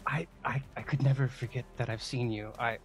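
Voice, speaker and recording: A man's voice: mid-range voice, fairly even intonation, fairly quick, faint music behind, lightly acted. A man voicing a flustered imperial officer who stammers and hesitates. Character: flustered male imperial officer, posh, dutiful.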